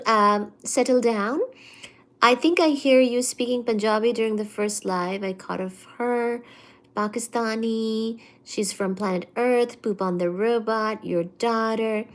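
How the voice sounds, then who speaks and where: Hosting a relaxed study livestream from home, a woman chats loosely with many fillers and slips into baby talk for her cat between topics. She speaks unhurriedly in a slightly high voice, heard through a computer mic.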